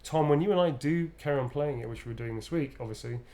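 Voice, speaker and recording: A male streamer chatting casually with his audience at an ordinary, mid-range pitch. He's laid-back and joking, and he swears freely. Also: fast talker, crowd noise. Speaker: streamer, host of a game stream. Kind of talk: casual live-stream chat.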